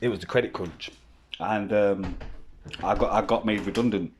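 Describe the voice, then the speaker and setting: In a somewhat low voice at a moderate pace, a vlogger at home with children nearby rambles through a personal story, cursing a lot and frequently starting over. A slight hiss or hum sits in the recording.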